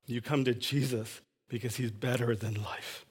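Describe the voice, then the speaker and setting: A male pastor delivering a sermon with real passion. His voice climbs and swells on emphatic lines, then drops to a near hush for tender moments. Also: mid-range voice, fairly even intonation, moderate pace, slightly rough. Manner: impassioned, swings from loud to hushed.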